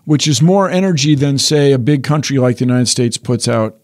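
A man's voice: mid-range voice, a little fast. An older man explaining science in a casual chat, wry and explanatory, often restarting sentences. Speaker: science guest.

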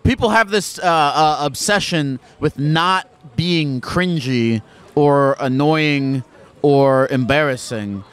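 A man's voice: fairly high pitch, slow, fairly bright tone, clean tone. A man interviewing people on a city street, talking in a rambling, loose, profane way. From United States.

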